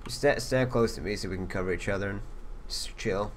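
A young man chatting and trash-talking over a game, joking around and breaking into loud laughs. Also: on the low side, fairly quick, a little hiss or hum. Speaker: gaming channel host. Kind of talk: casual gaming banter.

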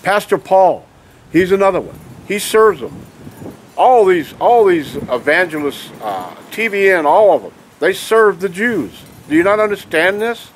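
A man's voice: high-pitched, expressive, measured pace, a little hiss or hum. An angry man delivering a ranting monologue to his viewers, full of emphatic rhetorical questions and tag "okay?"s. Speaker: video blogger.

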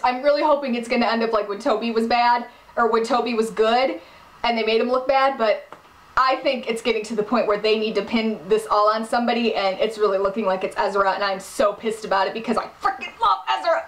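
High-pitched woman vlogger doing a fired-up, exasperated TV recap in an echoey room. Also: quick pace. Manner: animated, exasperated, emphatic. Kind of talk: casual episode recap.

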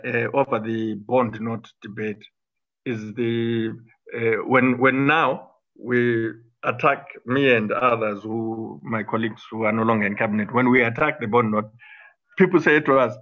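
On a muffled recording, a middle-aged Zimbabwean man with a mid-range voice, once a minister, fights his corner in a political interview. He's combative, and his speech is full of fillers and restarts.

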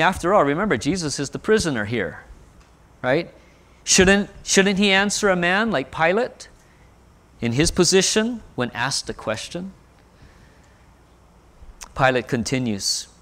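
A pastor preaching a sermon, explaining scripture with rhetorical questions and rising emphasis when quoting. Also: male voice, fairly high pitch, expressive, a little slow, fairly bright tone.

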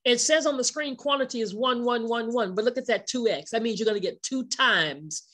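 Emphatic woman giving a sales pitch. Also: a little fast, fairly bright tone. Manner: emphatic, asks many rhetorical questions; repeats key words for stress. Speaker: company presenter.

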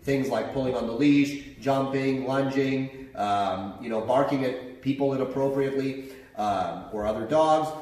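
A man's voice: medium pitch, a little slow, a little mellow. A man explaining dog training as a trainer, in a plain, explanatory way with some fillers. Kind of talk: instructional explanation. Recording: very echoey, from far off the mic.

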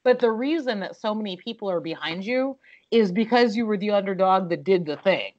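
A woman co-hosting a podcast, talking in an animated, outspoken way with some swearing. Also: mid-range voice, brisk. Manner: animated, opinionated, with profanity and restarts. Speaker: podcast co-host. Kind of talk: casual podcast chat. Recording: slightly dull, muffled audio.

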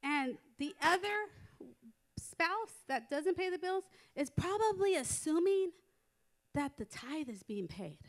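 A middle-aged American woman preaching a sermon in a church, telling stories in a lively way and building to emphatic exhortation. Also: high voice, slow. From United States. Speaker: women's conference speaker. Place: church sanctuary.

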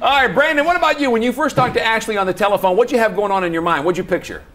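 A man's voice: high-pitched, very fast. A man hosting a TV dating talk show, asking guests teasing, playful questions. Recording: loud studio audience and noise. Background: studio audience.

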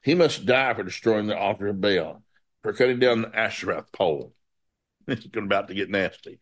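A man's voice: lowish voice, moderate pace. A man preaching through a Bible passage, reading it aloud and breaking off into folksy asides.

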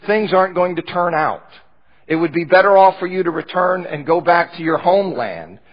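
High-voiced man teaching Bible study. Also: expressive, moderate pace, dull audio. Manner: explanatory, reads scripture aloud, frequent restarts. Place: church.

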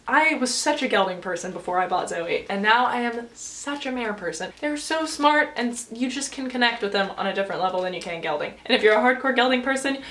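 An eighteen-year-old American woman answers viewer questions in a casual vlog, bubbly and chatty, giggling between replies. Her voice is a little high and somewhat bright, recorded on a camera mic with slight hiss or hum.

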